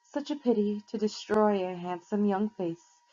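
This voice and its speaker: A woman's voice: mid-range voice, warm tone, natural voice. A woman reading aloud and voicing an old female gorgon who speaks in a honeyed, coaxing way. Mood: soothing. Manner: honeyed, coaxing, slow and sugary. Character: sweet-talking old female gorgon, menacing beneath. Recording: slightly muffled lo-fi recording.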